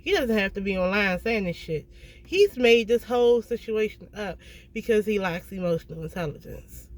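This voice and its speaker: A tarot reader giving a casual reading to viewers, blunt and emphatic, swearing freely and often checking in with a quick "okay?". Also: mid-range voice, lively intonation.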